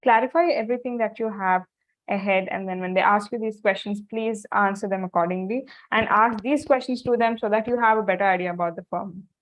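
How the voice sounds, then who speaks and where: A woman leads a career workshop in a loose, unscripted way. She circles back on her points and fills her pauses with ums and "you know". Her mid-range voice comes through a dull, muffled lo-fi recording. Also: mid-range voice. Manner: informal, repeats herself, many fillers and restarts. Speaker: workshop presenter.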